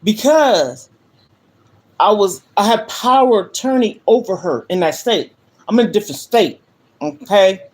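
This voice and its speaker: Older woman, earnest, emphatic, frank, livestream from living room, phone mic, mid pitch. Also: animated, a little slow. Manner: earnest, emphatic, talks straight to viewers. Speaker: livestream host. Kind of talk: emotional livestream monologue.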